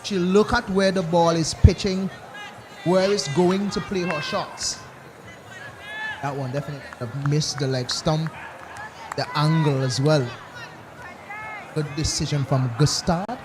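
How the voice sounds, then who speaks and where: Male cricket caller, higher-pitched, live match with heavy crowd and ambient noise. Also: fairly even intonation, unhurried, long pauses. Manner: chatty, banters with co-commentator. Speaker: cricket commentator. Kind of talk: live sports commentary. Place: outdoor cricket ground. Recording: loud crowd and outdoor noise.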